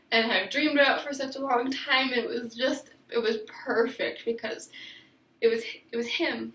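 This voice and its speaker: Telling a personal story, a young woman vlogger rambles emotionally, restarting often and using lots of fillers. Her voice is fairly high and a bit bright, and she's recorded far from the mic in an echoey room.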